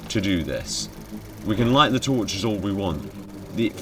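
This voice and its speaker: A man's voice: on the low side, animated, a little slow, a little hiss or hum. A man commenting casually on a game he is playing, sarcastic, swearing a lot and easily startled. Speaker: game streamer.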